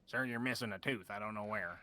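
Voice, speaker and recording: A man's voice: fairly low pitch, quick pace, bright, forceful tone, voice pushed down. A man voicing a confused, cranky old male farmer who rambles and repeats himself. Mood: puzzled.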